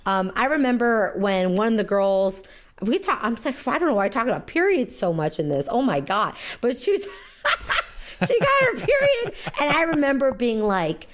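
Animated woman comedian telling stories. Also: fairly high pitch, normal speed. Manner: animated storytelling with frequent fillers and laughs. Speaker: comedian guest. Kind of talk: casual podcast chat.

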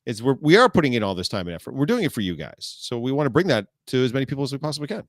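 A man hosting a podcast in casual chat, expressive and swearing as he acts out his own reactions. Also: mid-range voice, rapid-fire, dry recording. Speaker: podcast host.

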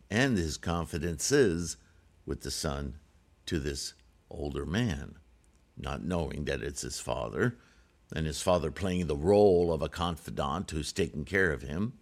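Low-voiced man reading scripture with asides. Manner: reads aloud, then breaks off into chatty asides with "right?". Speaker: Buddhist teacher reading scripture. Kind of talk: scripture reading with casual commentary.

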